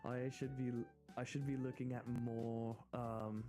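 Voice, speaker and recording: An American man talks casually to his stream in a mellow, relaxed voice. He rambles, restarts his sentences and giggles often. Quiet music plays faintly in the background. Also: mid-range voice, unhurried. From United States. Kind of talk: casual live-stream chat.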